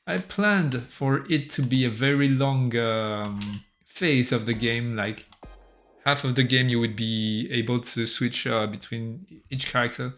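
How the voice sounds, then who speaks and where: Faint music plays behind a man with a French accent and a touch of sore throat who rambles through casual livestream chat as a one-person game developer, clearly amused with himself. He speaks unhurriedly in a medium-pitched, fairly bright voice.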